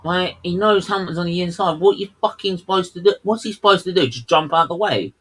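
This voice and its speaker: Here a man with a high-sitting, slightly bright, husky voice talks fast while co-hosting a race watchalong. He swears at the drivers in heated, fuming rants, captured on a low-quality recording.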